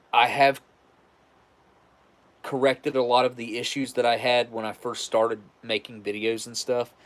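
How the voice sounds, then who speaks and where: A man's voice: medium pitch, fairly bright tone. A man from West Virginia with a West Virginian accent, chatting casually and rambling with restarts on a live stream. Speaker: livestream host.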